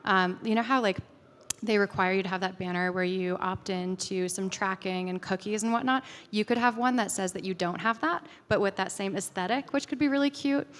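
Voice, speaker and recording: Woman conference speaker, chatty and filler-heavy, mid pitch, hall reverb. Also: fairly quick, a bit bright. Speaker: conference speaker answering audience questions. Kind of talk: casual conference Q&A.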